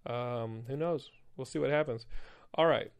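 A man's voice: mid-range voice, a little slow, clean tone. A young man casually recapping comic storylines, profane and rambling, full of fillers and self-corrections. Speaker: comic book commentator.

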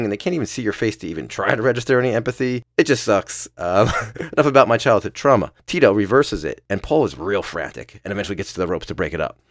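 A man's voice: lowish voice, no room sound, studio quality. A man hosting a podcast, giving a casual, profane and playful play-by-play recap of a match, often laughing. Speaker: podcast host.

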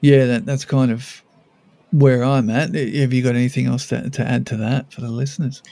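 Male podcast co-host, gravelly low-toned voice, loose rambling delivery. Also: level tone, normal speed, mellow. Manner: rambling, many restarts and "like"s. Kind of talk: casual parenting podcast chat.

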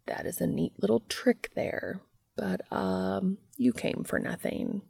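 A woman voicing a petulant, sinister entity in a read-aloud fan fiction story, taunting in a hushed sing-song half-whisper. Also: mid-range voice, takes it slowly, creaky, slightly rough, no echo, heavily acted. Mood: mocking. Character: mocking shape-shifting entity, sinister, petulant.

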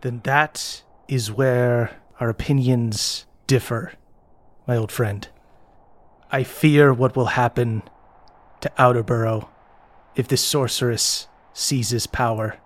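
A man's voice: mid-range voice, fairly even intonation, slow, lightly acted. A man playing an earnest male knight, a captain of the guard, who speaks in a formal, pleading way. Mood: solemn.

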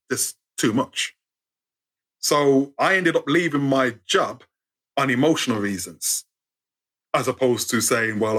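A young British man telling a funny personal story as a guest, animated and acting out the people in his tale. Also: medium pitch, breathy edge. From United Kingdom.

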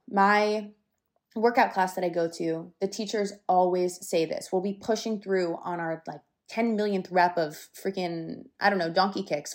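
A young woman hosting her own podcast in a casual solo talk, chatty and candid, swearing now and then and a little breathless. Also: on the low side. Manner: lively, sometimes breathless. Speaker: podcast host.

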